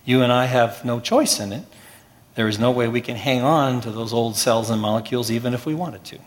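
A man preaching a sermon as pastor, measured, with slow emphatic pauses. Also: medium pitch, long reverb tail. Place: church.

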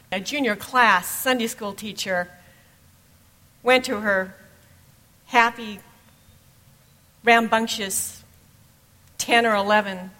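A woman's voice: fairly high pitch, bright, forceful tone, in a large hall, poor audio. Conversational woman pastor preaching. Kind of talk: sermon. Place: church sanctuary.

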